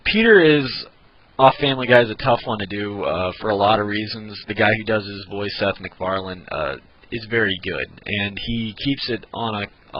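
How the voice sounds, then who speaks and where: Man, casual tutorial, lowish voice, relaxed, um-filled, dull lo-fi recording. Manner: relaxed, with many ums and uhs. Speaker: voice impression tutor.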